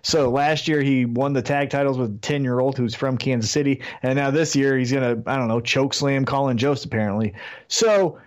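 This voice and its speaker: A man's voice: mid-range voice, brisk. A man co-hosting a wrestling podcast, ranting animatedly with plenty of swearing in casual chat. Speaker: podcast co-host.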